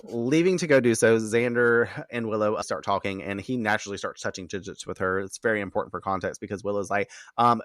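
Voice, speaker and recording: A man casually recapping a TV episode, animated and profane, often laughing and acting out characters' lines. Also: on the low side, quick pace, few pauses, no room sound, studio quality. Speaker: TV episode reaction commentator.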